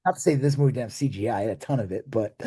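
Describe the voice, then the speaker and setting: A man's voice: mid-range voice, rapid-fire, warm tone, husky. A man co-hosting a podcast, chatting loosely about a movie, swearing casually and trailing off mid-sentence. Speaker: podcast co-host.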